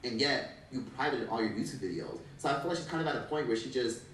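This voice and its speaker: A man's voice: medium pitch, animated, quick pace, fairly bright tone, recorded from a distance, a little hiss or hum. A man giving blunt, profane commentary on an influencer's downfall, recorded off mic in an echoey room. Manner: blunt, swearing. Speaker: commentary YouTuber.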